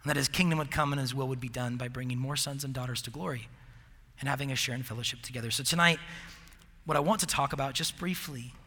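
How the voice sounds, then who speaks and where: A young campus ministry preacher gives a casual sermon to a college group in a large hall with a live audience, rambling with filler words and laughing at himself. His voice is medium-pitched with a sharp tone. The recording carries a long hall reverb.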